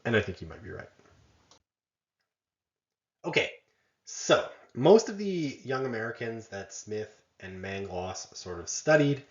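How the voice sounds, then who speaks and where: A man's voice: mid-range voice, sing-song, a little slow, pauses often, reverberant, lo-fi sound. A man giving a conversational college lecture, often checking in with "right?" and making self-deprecating asides.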